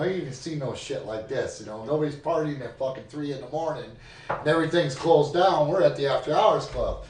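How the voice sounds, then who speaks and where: A man of fifty telling profane bar stories in a rowdy, animated way as a podcast guest. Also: fairly high pitch, a little hiss or hum. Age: 50s. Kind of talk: casual storytelling. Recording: echoey room, mic at a distance.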